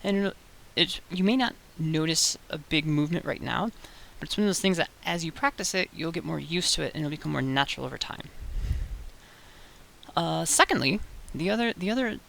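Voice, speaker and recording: Young woman, casual voice coach, bright and gravelly, chatty with self-corrections, slight hiss. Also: deep voice, lively intonation, brisk. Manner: chatty, loose, many fillers and self-corrections. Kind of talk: casual tutorial talk to camera. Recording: faint hiss.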